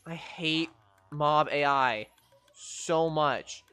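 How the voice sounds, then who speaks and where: A woman's voice: sits low, very slow, fairly bright tone, clean tone, faint music behind. A young woman streaming gameplay, ranting in exasperation, swearing and scolding the game's creatures as she plays. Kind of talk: live gameplay commentary.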